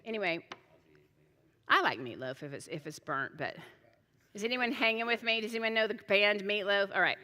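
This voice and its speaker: A woman's voice: mid-range voice, animated, moderate pace, pauses often, bright, forceful tone, big-room sound. A middle-aged woman pastor preaching a sermon, telling stories in a chatty way, with restarts and joking asides.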